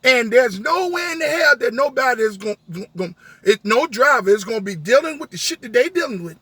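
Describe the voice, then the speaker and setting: A man with a very high voice and a bright, forceful edge tells a rideshare story as a heated rant. His tone is husky and the sound is dry and close. He keeps restaging the argument with line after quoted line. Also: lively intonation, brisk, no echo. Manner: emphatic, retells arguments with many "I said" quotes. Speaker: rideshare driver.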